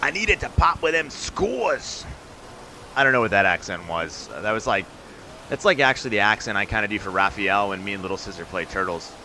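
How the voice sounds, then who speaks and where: Upbeat male streamer, bright voice, talks to chat and calls the action. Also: on the low side, sing-song, brisk, slight background noise. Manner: chatty, upbeat, talks straight to viewers in chat. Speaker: live-stream host and game commentator. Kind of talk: live-stream chat and play-by-play commentary.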